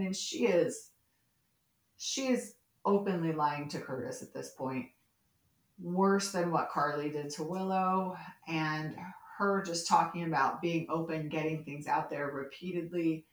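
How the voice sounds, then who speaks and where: A woman with a slightly low voice, chatting casually as a podcast co-host. She retells scenes with animation and quotes the characters as she goes. Her voice carries a roomy echo. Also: a little slow. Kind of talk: casual chat recapping a soap opera.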